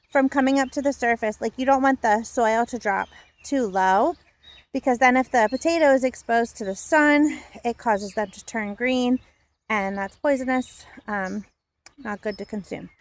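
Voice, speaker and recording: This young woman speaks in a high voice and sounds slightly out of breath as she strolls through her garden. She chats casually to the camera, trailing off and correcting herself as she goes. Her voice is close and dry, with little room sound, as though from a phone held near her. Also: dry recording. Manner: chatty and rambling, with many fillers and self-corrections. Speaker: home gardener and channel host. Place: outdoor backyard garden.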